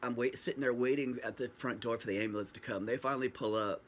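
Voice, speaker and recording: A man's voice: mid-range voice, steady tone, quick pace, slight background noise. A man telling his own story casually to a camera at home, rambling and joking, acting out what people said. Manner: rambling, joking, acts out quoted dialogue. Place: at home, facing a screen camera. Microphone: built-in camera mic.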